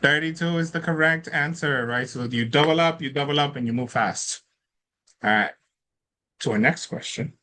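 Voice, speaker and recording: A man's voice: on the high side, moderate pace, sharp tone. A man hosting an online trivia quiz, upbeat and chatty, laughing often as he reads out questions and scores. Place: online event with participants in chat.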